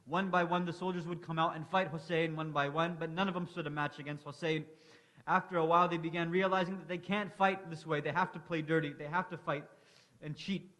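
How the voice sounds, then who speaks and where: A man's voice: fairly high pitch, fairly even intonation, brisk, fairly bright tone. A man reciting a mournful religious lament, impassioned, rising into anguished cries.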